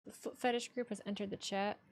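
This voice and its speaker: A woman's voice: mid-range voice, fairly even intonation, fast talker. A young woman streaming casually, joking and speaking bluntly, with free swearing. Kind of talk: casual live-stream chat.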